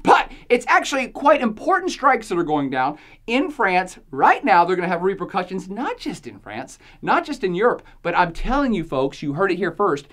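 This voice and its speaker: A woman's voice: medium pitch, very animated, moderate pace. Sarcastic woman podcast host. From United States. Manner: sarcastic, jokey, laughs often, emphatic asides. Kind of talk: opinionated podcast commentary.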